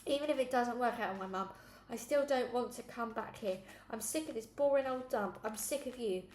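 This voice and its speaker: A woman's voice: a little high, fairly quick, darkish tone, natural voice. A woman voicing a defiant, sulky young girl in foster care in a storybook reading. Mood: shouting. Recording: echoey room, faint noise.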